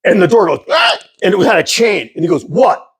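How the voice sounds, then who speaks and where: A middle-aged man with a Pittsburgh accent, telling lively anecdotes in casual chat and acting out the people in them. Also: high-pitched, very fast, slightly rough. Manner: animated, laughing, acts out voices in anecdotes. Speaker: artist telling stories.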